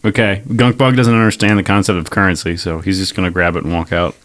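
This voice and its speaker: A man speaking as a player in a tabletop game, relaxed and a bit hesitant. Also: low voice, fast talker.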